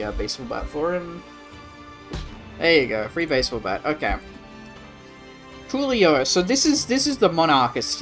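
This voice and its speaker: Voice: mid-range voice, fairly bright tone. An Australian streamer chatting casually during a live strategy game, answering chat in a rambling way with plenty of swearing.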